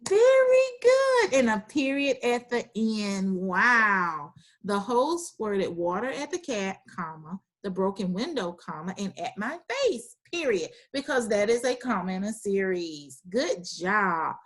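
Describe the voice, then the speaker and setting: A woman's voice: medium pitch, animated, fairly bright tone. A woman teacher running an online class over a video call, encouraging students and praising their answers often. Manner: reads sentences aloud slowly.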